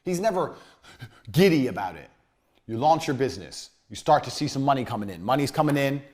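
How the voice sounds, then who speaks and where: A man giving a blunt, profane motivational business lecture, swinging between loud jabs and low muttered asides. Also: very animated, fairly quick. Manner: blunt, aggressive, swears constantly. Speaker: business coach.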